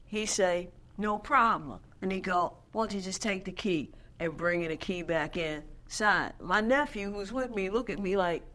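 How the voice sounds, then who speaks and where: A woman's voice: medium pitch, unhurried, few pauses, a bit bright. A woman hosting an interview series, chatting casually and sharing her own anecdotes, often checking in with "right?". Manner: conversational, frequent "right?" affirmations, tells anecdotes. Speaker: interview host.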